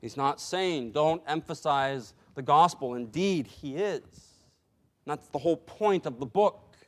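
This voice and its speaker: Male pastor, measured sermon delivery, higher-pitched, unhurried pace. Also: animated. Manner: slow, deliberate preaching with emphatic pauses.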